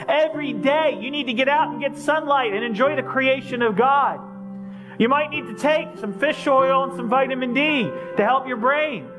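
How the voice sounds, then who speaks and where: A man preaching an earnest sermon as pastor, with emphatic repetition and direct questions to his listeners. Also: very high voice.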